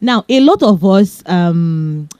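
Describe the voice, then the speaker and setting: Young woman, Nigerian accent, podcast host, chatty fast advice, mellow voice, dry sound. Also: fairly low pitch, lively intonation, clean tone, dry recording, muffled recording. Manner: fast, chatty, laughing asides. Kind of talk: casual advice talk.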